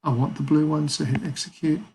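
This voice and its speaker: A man's voice: on the high side, little pitch movement, fairly quick, creaky, background noise. A man teaching a maths lesson, talking casually through calculator steps and thinking aloud. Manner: casual, thinks aloud with fillers and small apologies.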